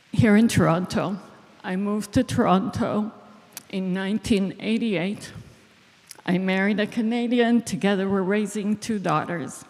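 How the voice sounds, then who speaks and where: An Israeli woman, a clinical psychologist, giving a deliberate speech to an audience. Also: mid-range voice, a little mellow. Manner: slow, deliberate, emotional at moments. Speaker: clinical psychologist, event organizer. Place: large hall. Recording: long reverb of a large hall.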